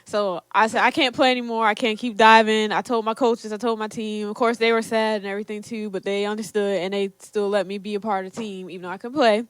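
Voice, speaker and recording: A woman's voice: mid-range voice, flat delivery, fast, few pauses, smooth, no echo. A young woman in her twenties, co-hosting a podcast and telling a personal story in casual chat, laughing often. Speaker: podcast co-host.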